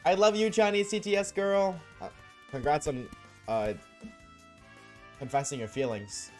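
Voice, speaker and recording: A man's voice: on the high side, steady tone, a little slow, a little mellow, soft background music. A man streaming live, chatting casually and joking with his viewers, often laughing.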